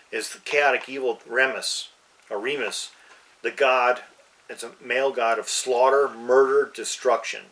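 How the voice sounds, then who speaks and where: A man's voice: mid-range voice, fairly bright tone, recorded from a distance, poor audio. A man co-hosting a casual podcast chat, easygoing and agreeable, chiming in and summing things up. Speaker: player and co-host.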